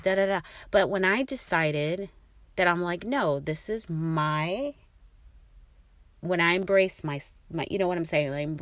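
A middle-aged woman hosts a casual talk for her listeners, rambling, offering encouragement, and using many fillers. Her voice is low, with no room sound.

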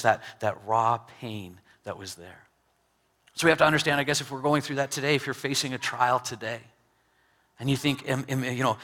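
A married man preaching an earnest sermon, with frequent restarts, swinging between loud stresses and soft drops. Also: mid-range voice. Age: adult, married with two sons. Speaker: pastor.

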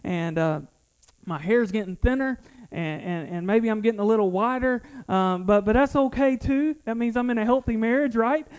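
High-voiced man preaching a sermon. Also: normal speed, smooth, poor audio. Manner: earnest, personal, repeats words as he restarts. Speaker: pastor.

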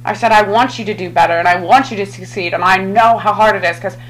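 A woman's voice: mid-range voice, quick pace, rough recording. A woman hosting a podcast in casual chat, talking bluntly and swearing freely. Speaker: podcast host.

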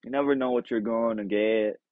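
A man doing an impression of an earnest, simple Southern film hero with a slow, folksy drawl. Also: medium pitch, steady tone, dry recording, phone-quality sound, natural voice.

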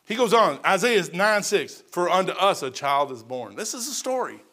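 A middle-aged preacher, his voice pitched high and ringing bright. He preaches in waves, climbing to shouts, then falling to soft, quiet stretches. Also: sing-song, normal speed. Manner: swings between loud and soft delivery. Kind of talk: sermon.

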